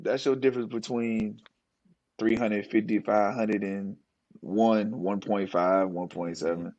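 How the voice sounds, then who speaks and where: A man's voice: on the low side, steady tone, unhurried, a little mellow, dry recording, dull audio. A man in his thirties talking as a podcast guest, laid-back and explaining things casually. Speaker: podcast guest, former pro basketball player. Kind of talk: casual interview talk.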